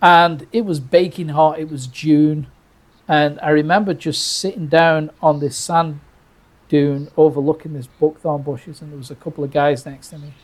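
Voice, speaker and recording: A man from Britain tells a birding story in a casual, animated way. He restarts his sentences often and acts out what people said. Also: on the high side, moderate pace. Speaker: birder telling a story.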